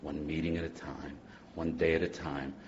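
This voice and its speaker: A man speaking at a recovery convention, joking and animated, moving between loud bursts and hushed passages. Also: very deep voice, moderate pace, vocal fry, a little hiss or hum. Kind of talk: humorous personal talk to a live audience. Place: convention hall. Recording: dull lo-fi live talk recording.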